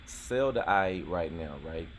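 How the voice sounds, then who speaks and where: A man with a very low voice chats casually as a show host. He talks in a relaxed, rambling way, full of ums and restarts. Faint background noise sits behind him. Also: a little slow. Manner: laid-back, many fillers and restarts. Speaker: YouTube host. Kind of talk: casual podcast chat.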